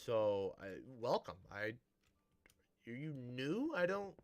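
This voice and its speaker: A man's voice: medium pitch, very animated, takes it slowly. A man streaming a building game, chatting casually to viewers in a rambling, self-interrupting way with a dry, sarcastic-sounding tone.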